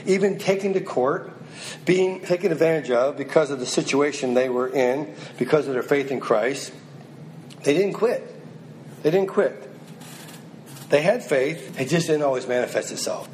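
A man's voice: on the high side, normal speed, darkish tone, slight background noise, rough recording. A man preaching a sermon, reading scripture aloud and then pressing his listeners with direct, rising exhortations.

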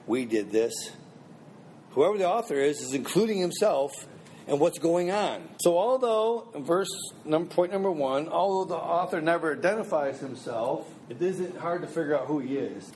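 A man's voice: on the high side, darkish tone, a little hiss or hum. A man teaching a Bible class in a conversational way, asking the class questions and repeating points for emphasis.

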